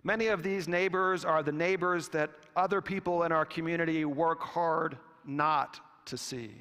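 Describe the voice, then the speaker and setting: A man preaching a sermon with a slow, deliberate delivery and long pauses. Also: fairly high pitch, fairly even intonation, pushed and bright, clear, resonant tone. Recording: long reverb of a church hall.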